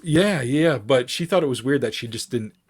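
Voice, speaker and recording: A man's voice: medium pitch, moderate pace, slightly rough. A man, a paranormal researcher guest, telling a story in casual chat and acting out the people in it. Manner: animated storyteller acting out quoted voices.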